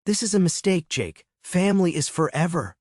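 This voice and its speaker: A man voicing a middle-aged father who puts on a fake warm tone and scolds his son. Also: sits high, big pitch swings, moderate pace, no echo, clean studio sound, pitched above the performer's own voice. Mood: stern. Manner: scolding, guilt-tripping.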